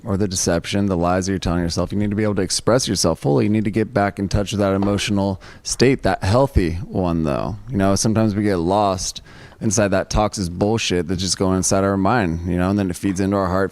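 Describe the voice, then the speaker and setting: Blunt low-voiced man giving a pep talk. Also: a little mellow, dry recording. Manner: blunt, pep-talk, repeats "you need to". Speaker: co-host. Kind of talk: casual motivational chat.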